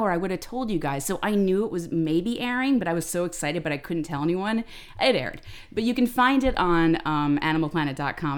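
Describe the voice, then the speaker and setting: A woman co-hosting a podcast, telling stories in a lively, ranting, freely swearing way. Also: lowish voice, smooth. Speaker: podcast co-host. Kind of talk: casual chat, storytelling.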